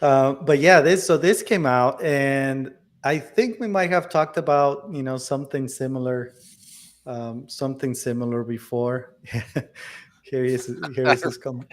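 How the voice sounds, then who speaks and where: A man co-hosting a tech podcast, talking casually with many fillers and restarts. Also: mid-range voice. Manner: halting, many fillers and restarts, laughs often. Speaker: podcast co-host.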